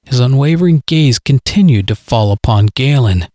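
A man reading a scripted story aloud, measured and dramatic. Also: medium pitch, lively intonation, warm tone, no room sound, studio quality. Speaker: narrator.

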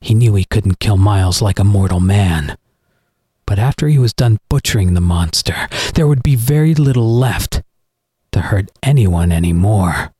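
A man reading a horror story aloud in an expressive, dramatic narrating style. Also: fairly low pitch, moderate pace, breathy edge, no echo, studio quality. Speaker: audiobook narrator.

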